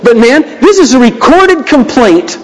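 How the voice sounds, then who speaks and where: A pastor delivering a conversational, emphatic sermon, climbing high when he reads the Psalms aloud. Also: big pitch swings, measured pace, long reverb tail, poor audio.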